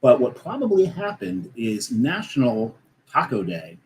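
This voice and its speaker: A man's voice: mid-range voice, very animated, measured pace, gravelly, a little mellow, poor audio. A man co-hosting a casual talk show who explains things at length in a methodical way. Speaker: co-host. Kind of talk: casual chat.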